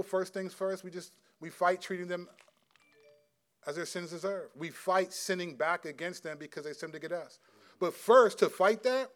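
A middle-aged man preaching as a pastor, earnest and conversational, answering a question from the congregation. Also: sits high. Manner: earnest, conversational, acts out quotes. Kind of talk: sermon with audience Q&A.

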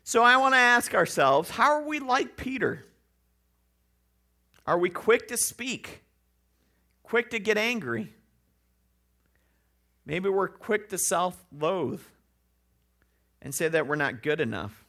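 A man's voice: high voice, expressive, slow pace, long pauses, pushed and bright. A man preaching a sermon in a conversational way, with joking asides and rhetorical questions. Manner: acts out quoted voices.

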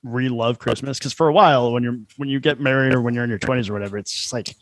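A man's voice: medium pitch, fairly even intonation, fast, dry recording. A man in his thirties chats casually as a podcast guest. He rambles through his stories, stuffing them with filler words. The recording is close and dry with no room sound. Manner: rambling storyteller, heavy on "like" fillers, laughs at own jokes. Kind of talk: casual chat.

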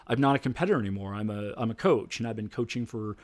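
Speaking quickly in a fairly low voice, a middle-aged debate coach recounts stories during an interview. He animates them by performing the voices of the characters involved.

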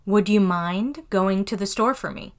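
Clear-voiced woman teaching a podcast lesson. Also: mid-range voice. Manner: clear, slow demonstrative reading of example phrases. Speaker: English teacher and podcast host.

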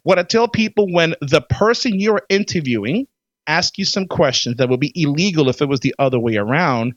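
Brief: animated man co-hosting a casual podcast, higher voice, dry and slightly muffled recording. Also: a little fast, no room sound. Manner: animated, laughs often. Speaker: co-host. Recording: dull, dry lo-fi audio.

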